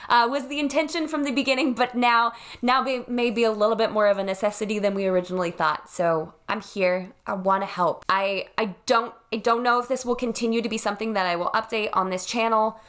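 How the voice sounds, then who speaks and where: A woman's voice: on the high side, fairly quick, hardly any pauses, fairly bright tone. A woman in her thirties, a wedding planner, talking earnestly and reassuringly to camera from her home. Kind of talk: direct-to-camera vlog.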